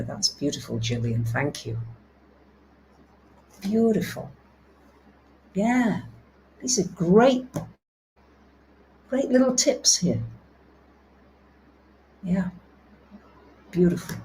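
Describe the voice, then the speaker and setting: Woman, astrology host, soothing, slow unhurried delivery, soft low affirmations. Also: very animated, slight background noise, poor audio. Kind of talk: live-stream talk reading viewer comments.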